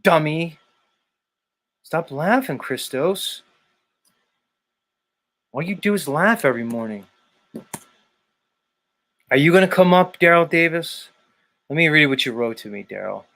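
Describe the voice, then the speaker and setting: Fired-up guy on a livestream yelling at his chat, kinda high voice, swears a lot. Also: expressive, measured pace, creaky, long pauses. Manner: agitated, profane, repeating names. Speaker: livestream host. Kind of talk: heated livestream rant to chat. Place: dark room.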